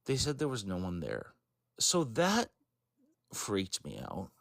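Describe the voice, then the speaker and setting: Brief: male interviewee, low voice, rambling and halting with lots of fillers, dry close sound. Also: wildly swooping pitch, creaky, fairly bright tone, dry recording. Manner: rambling, halting, full of fillers and self-corrections. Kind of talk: casual storytelling.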